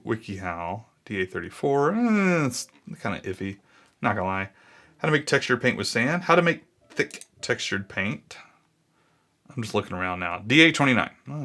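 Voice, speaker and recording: A man's voice: lowish voice, sharp tone. A man in his thirties thinking aloud in a casual, easily sidetracked way as he walks through a screen recording. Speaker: blogging YouTuber.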